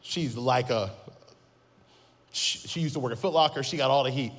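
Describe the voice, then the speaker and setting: A man's voice: medium pitch, normal speed. A man in his thirties preaching a sermon, telling a funny story and acting out the quotes. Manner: lively storytelling with acted-out quotes and humor. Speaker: pastor.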